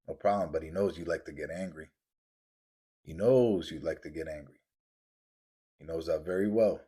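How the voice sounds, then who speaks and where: Deep husky-voiced man preaching intensely. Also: lively intonation, normal speed, pauses often, warm tone. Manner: intense, preachy, repetitive, acts out quoted voices. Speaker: podcast host. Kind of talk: motivational podcast monologue.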